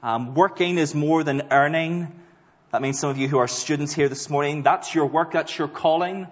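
Man preaching in a reverberant hall. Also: fairly high pitch. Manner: earnest, varied emphasis with slow stressed words. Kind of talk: sermon. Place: church hall. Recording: dull sound with long hall reverb.

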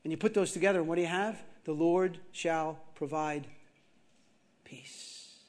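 A male pastor preaching a sermon, moving between loud emphatic scripture reading and quiet, slow reflection, often repeating key phrases. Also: fairly high pitch, fairly even intonation.

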